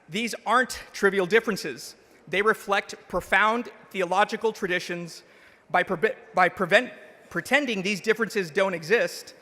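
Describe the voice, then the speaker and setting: A male legislator makes his case on the floor in a high, bright voice, earnest and measured, now and then restarting a word. His speech rings out with the long reverb of a large chamber. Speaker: state legislator.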